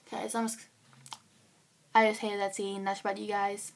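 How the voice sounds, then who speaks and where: A teenage girl giving a casual book review, gushing and excitable, with lots of fillers. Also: mid-range voice, moderate pace, vocal fry.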